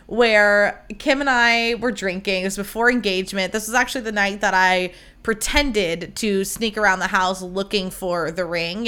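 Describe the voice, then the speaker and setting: A woman's voice: medium pitch, a bit bright. A young woman hosting a podcast, telling a story in casual, gushing chat full of fillers and quoted dialogue. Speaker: podcast host.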